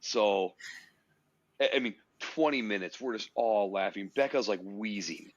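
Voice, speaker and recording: A man hosting a podcast, telling a story in a casual, animated way, swearing freely. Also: fairly low pitch, unhurried, dry recording, muffled recording. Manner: animated storyteller, swears freely, puts on silly voices in quotes. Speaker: podcast host.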